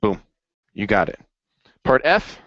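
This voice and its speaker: A man's voice: fairly low pitch, sing-song, slow pace, no echo, dull audio. A man running a casual accounting review session, upbeat and jokey as he encourages his students. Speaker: accounting tutor.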